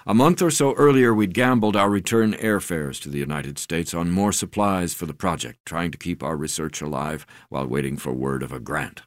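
Deep-voiced man narrating a memoir. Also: normal speed, hardly any pauses, no room sound, studio quality. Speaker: audiobook narrator.

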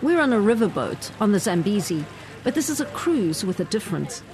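A woman reporter reading a scripted news narration in a measured, even way. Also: mid-range voice, crowd noise.

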